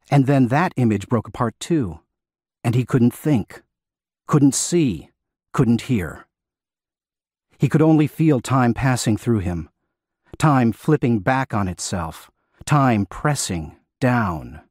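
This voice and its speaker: A man narrating an audiobook in a measured, dramatic way, recorded in a studio. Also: medium pitch, a little mellow, no room sound.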